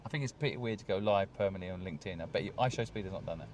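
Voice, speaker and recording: A man's voice: sits low, racing, a little mellow. A man hosting a live stream outdoors on a city street, talking casually and joking as he answers questions. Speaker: host. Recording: street traffic noise.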